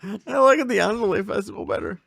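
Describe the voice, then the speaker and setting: A man's voice: high-pitched, brisk, vocal fry, fairly bright tone, breathy edge. A man co-hosting a podcast in casual chat, who laughs often and throws in teasing remarks. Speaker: podcast co-host.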